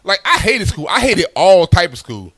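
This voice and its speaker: A man's voice: sits high, sing-song, moderate pace, a bit bright, dry recording. A young man telling stand-up stories in a loose, conversational way, tagging lines with "right?". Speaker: stand-up comedian. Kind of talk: stand-up storytelling.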